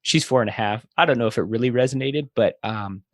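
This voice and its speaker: A man's voice: mid-range voice, fast, no room sound, studio quality. A man in his thirties, a father and podcast guest, telling family stories in a thoughtful way with frequent fillers. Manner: storytelling, thoughtful with frequent fillers and light laughs. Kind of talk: casual podcast conversation.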